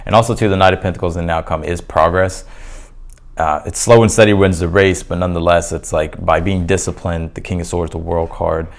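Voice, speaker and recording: A man with a very low voice and a gravelly, fry-laden edge talks through a tarot spread for his viewers. He is loose and chatty, leaning on fillers and restarting his sentences, and sounds a little hoarse, as if he is losing his voice. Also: fairly even intonation, fairly quick. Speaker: tarot reader. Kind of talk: casual tarot reading to camera.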